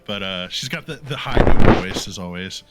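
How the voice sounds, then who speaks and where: A man narrating as game master in a tabletop game, halting with many fillers, his voice a bit sore. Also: low voice, lively intonation, very noisy.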